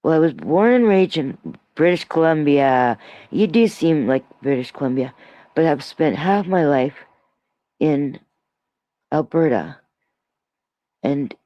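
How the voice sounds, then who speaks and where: A woman's voice: low-pitched, lively intonation, a little slow, long pauses, mellow, dry recording, highs cut off. A woman in her sixties from Toronto, rambling in a casual solo livestream chat, reading comments aloud and laughing often. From Toronto, Canada. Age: 60s. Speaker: livestream host. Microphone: streaming mic.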